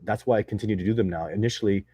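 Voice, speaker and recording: A man's voice: lowish voice, very fast, mellow, breathy edge, no echo. A man answering viewer questions in a casual live chat, rambling and enthusiastic with many restarts. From not from Texas.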